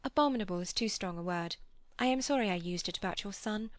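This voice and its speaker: A woman reading the part of a flustered, proper young woman who speaks in a quick, stiff, defensive way, in an audiobook. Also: mid-range voice, no room sound, clean studio sound, close to an everyday voice.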